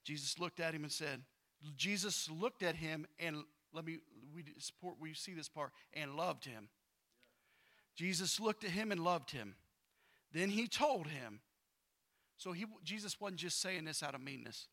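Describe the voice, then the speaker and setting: A man preaching with a bright, forceful voice that sits a bit high for a man. He swings between loud, pressing bursts and hushed asides as he reads scripture and talks to his congregation in a casual way. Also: lively intonation, unhurried. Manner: casual slang and repetition. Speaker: pastor. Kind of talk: sermon.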